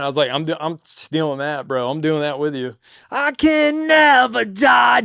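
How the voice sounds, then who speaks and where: A young man who sings in a band gives a casual, energetic lesson on stage moves, swearing freely and often tagging "right?" and "dude". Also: sits high, clear, resonant tone, dry recording, studio quality. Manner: energetic, demonstrates moves, bursts into shouted song lines. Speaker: singer giving stage tips.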